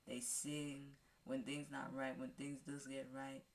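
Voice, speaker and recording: A woman vlogger casually recapping a movie, rambling with halting restarts and fillers. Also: rumbling low, level tone, gravelly. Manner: acts out characters' lines in a raised voice.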